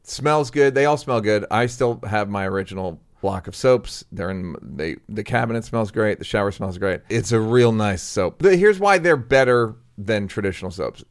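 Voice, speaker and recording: Deadpan male podcast host. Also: on the low side, moderate pace, few pauses. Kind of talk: casual interview and host-read ad.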